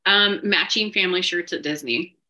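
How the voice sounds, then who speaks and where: A woman's voice: fairly low pitch, normal speed, bright, forceful tone, rough recording. A woman co-hosting a casual chat, easygoing and laughing lightly between remarks. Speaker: podcast co-host.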